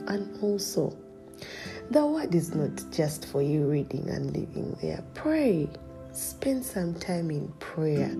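A woman's voice: deep voice, expressive, slow, vocal fry. A woman giving casual, earnest spiritual encouragement as a podcast host. She often laughs lightly and at times drops to a near-whisper. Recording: music playing behind.

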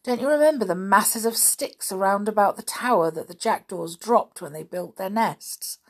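A woman's voice: mid-range voice, normal speed, husky. A woman reading the part of a fierce, bold tomboy girl. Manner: fiery, possessive.

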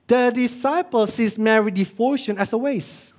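High-voiced preaching man. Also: expressive, moderate pace. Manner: emphatic preaching with rhetorical questions. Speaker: pastor. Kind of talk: sermon.

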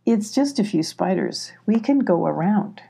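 Chill boy, no fuss, husky low-ish voice, woman narrating. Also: expressive, a little slow, dark tone, heavily acted. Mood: matter-of-fact. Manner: unconcerned, matter-of-fact.

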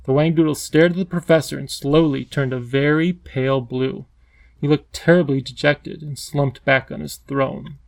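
A male audiobook narrator reading in a measured storytelling way. His slightly high voice has a gravelly texture, recorded dry and close. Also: fairly even intonation, dry recording. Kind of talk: scripted narration.

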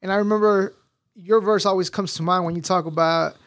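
A man with a high voice hosting a casual interview. His questions ramble and restart as he goes. The sound is dry and close. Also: fairly even intonation, brisk, fairly bright tone, no room sound. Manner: rambling, hesitant, full of restarts. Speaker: interview host.

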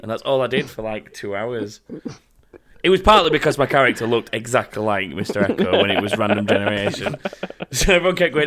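A man's voice: mid-range voice, expressive, a little fast, a bit bright. A man hosting a casual podcast, chatting loosely with many restarts and frequent laughs. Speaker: podcast host.

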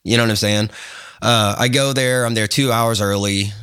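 Clean studio audio with no room sound carries this man's lowish, clear, resonant voice at a moderate pace. He's a guest photographer on a podcast, rambling through a long, animated story with plenty of fillers and restarts while voicing the other characters.

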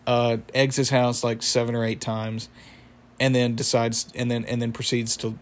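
A man's voice: medium pitch, flat delivery, moderate pace. A young man casually recapping a cartoon episode, rambling with lots of fillers and chuckling at the story. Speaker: show recapper.

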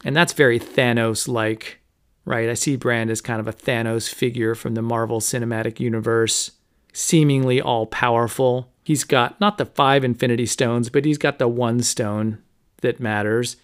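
A man's voice: mid-range voice, fairly even intonation, normal speed, smooth. A man hosting a podcast, casually recapping a book's chapters with lots of "you know" and "like". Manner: conversational, many fillers like "you know" and "like". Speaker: podcast host. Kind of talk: casual book recap with read-aloud quotes.

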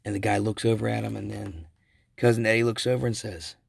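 A male podcast host with a low, gravelly voice and a husky edge. He rambles through stories in casual chat, correcting himself and chuckling as he goes. The sound is dry and close, like a home mic with no room behind it. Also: flat delivery, a little fast, no room sound. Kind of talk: casual solo podcast commentary.

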